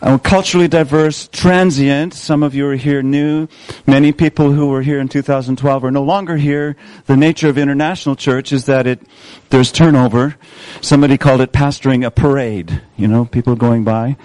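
Man, pastor, sermon, measured emphatic delivery, dry close sound. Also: mid-range voice, fairly even intonation, darkish tone, no room sound, rough recording. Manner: measured, emphatic repetition of key phrases. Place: church service.

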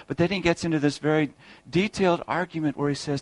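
A man's voice: on the high side, steady tone, a little fast, few pauses, no echo, low-quality recording. A man preaching a sermon, earnest and explanatory, posing rhetorical questions and often repeating words as he goes.

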